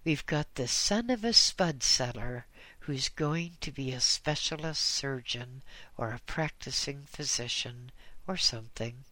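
A man's voice: mid-range voice, animated, unhurried, pushed and bright, no room sound. A man voicing a scruffy, sarcastic small male doctor who sneers as he talks. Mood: sneering.

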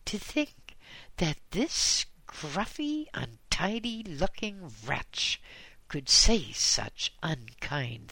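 A man narrating a story aloud in a slow, measured storytelling manner. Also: medium pitch, gravelly, sharp tone, no echo. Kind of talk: audiobook narration.

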